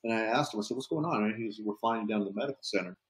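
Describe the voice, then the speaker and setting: A man's voice: fairly low pitch, very fast, low-quality recording. A police officer telling a story in a casual, easygoing way, often tossing in "man". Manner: easygoing, peppers talk with "man".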